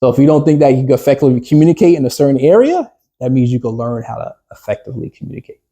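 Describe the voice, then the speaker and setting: Leading a small workshop group, this business coach speaks loosely and conversationally, full of fillers and restarts, and keeps bouncing questions back to the room. His husky, dark voice sits mid-pitch, with lively intonation and a rapid-fire pace.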